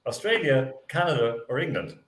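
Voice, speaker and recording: A man's voice: medium pitch, very animated, moderate pace, a bit bright, echoey room. A man hosting a radio sports show, running a casual quiz with lots of laughs and fillers. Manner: jokey, laughs often, many fillers. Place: radio studio.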